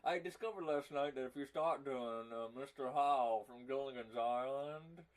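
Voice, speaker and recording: A man's voice: medium pitch, moderate pace. Chatty man on a movie podcast. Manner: chatty, laughs often, breaks into silly impressions. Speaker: podcast co-host. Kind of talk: casual movie podcast chat.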